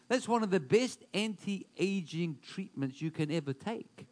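A man preaching a sermon, building loud emphatic declarations and dropping into quieter asides. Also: sits high, normal speed, few pauses. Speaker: pastor.

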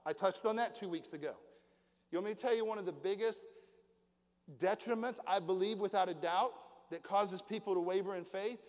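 A man's voice: sits high, brisk. A middle-aged pastor preaching to his congregation in a folksy way, asking them questions as he goes. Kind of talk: sermon. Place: church hall. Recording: long hall reverb.

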